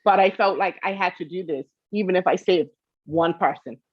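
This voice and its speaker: A woman's voice: fairly low pitch, moderate pace, husky, no echo, muffled recording. A woman guest telling her own story with emotion, tearful and pleading, repeating herself for emphasis. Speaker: interview guest.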